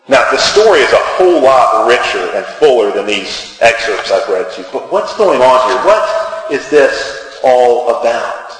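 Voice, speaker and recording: A man preaching a sermon and retelling a short story, acting out the characters and rising to near shouts. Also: medium pitch, sing-song, a little slow. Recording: very echoey hall.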